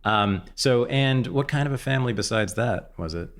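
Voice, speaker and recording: A man hosting a casual podcast interview, animated and blunt, swearing freely and jumping up in pitch when surprised. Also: normal speed. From San Francisco Bay Area. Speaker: podcast host.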